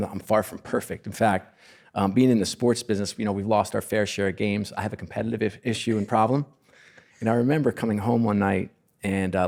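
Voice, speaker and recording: A man's voice: lowish voice, creaky, darkish tone. A middle-aged man, a podcast guest from sports business, telling stories in an earnest, effusive, self-deprecating way. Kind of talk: casual conversational storytelling.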